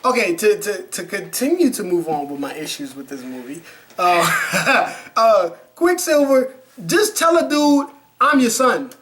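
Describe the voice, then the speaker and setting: A man's voice: high voice, sing-song, unhurried, fairly bright tone. A man co-hosting a casual movie review, talking animatedly and swearing freely, acting out characters' lines. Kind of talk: casual chat.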